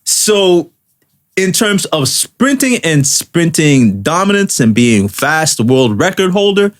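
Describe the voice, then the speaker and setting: A man's voice: fairly high pitch, big pitch swings, slow. A man co-hosting a casual podcast chat, talking in a rambling way with many restarts. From Toronto, Canada. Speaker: podcast co-host.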